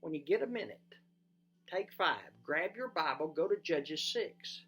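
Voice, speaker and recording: A pastor giving a sermon, asking listeners direct questions and swinging from loud emphasis to quiet, low delivery. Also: lively intonation, a little slow.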